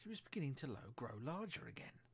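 A man narrating a storybook aloud in a steady, soft-spoken way. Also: medium pitch, fast. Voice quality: husky, breathy.

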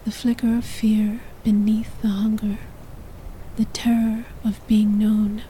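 A woman's voice: mid-range voice, little pitch movement, takes it slowly, dark tone, slight background noise, low-quality recording. A woman narrating a sensual story in the second person, in a whispered role-play.

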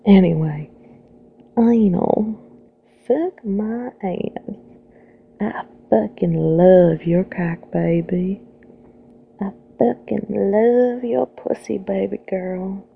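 A woman voicing a bold, flirty Southern belle in a put-on American Southern accent, with a slow, sultry drawl and half-whispered words. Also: medium pitch, gravelly. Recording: tinny phone-like audio, faint hiss.

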